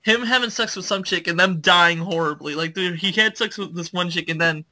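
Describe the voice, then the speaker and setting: A man's voice: high voice, a little fast, pushed and bright, rough recording. A young man co-hosting a casual podcast, ranting crudely with constant swearing and jokes. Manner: crude, swearing, joking rants. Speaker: podcast co-host. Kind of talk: casual chat.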